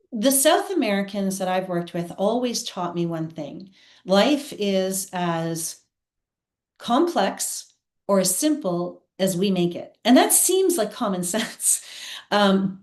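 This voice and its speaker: A woman speaking as an interview guest about her work as a psychic reader. She tells personal stories in an animated way, and her voice rises and falls widely as she talks. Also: mid-range voice. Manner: animated, reflective storytelling. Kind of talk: conversational interview answers.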